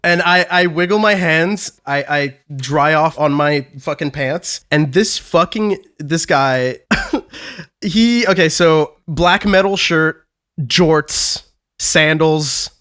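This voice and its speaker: A man's voice: on the high side, slow pace, a bit bright. A man on a podcast telling a rambling, swear-heavy story in casual chat. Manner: profane, rambling anecdote with restarts. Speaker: podcast co-host.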